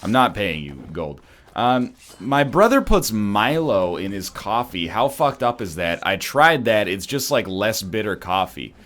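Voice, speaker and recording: A man's voice: on the low side, sing-song, a little slow, a bit bright. A Canadian man giving rambling, sarcastic commentary while playing a game. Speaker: let's play streamer. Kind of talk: casual gaming commentary.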